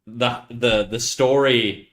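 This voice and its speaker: A man streaming while he draws, chatting casually and teasing, dropping into quiet mumbled asides between jokes. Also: medium pitch, steady tone, slow pace. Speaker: livestreaming artist.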